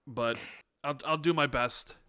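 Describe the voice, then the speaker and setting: A man co-hosting a podcast in a loose, rambling way, leaning on fillers as he talks. His voice is bright and crisp, a little higher than most, and the sound is dry and close. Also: measured pace, dry recording. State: sore back. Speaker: podcast co-host. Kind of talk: casual podcast chat.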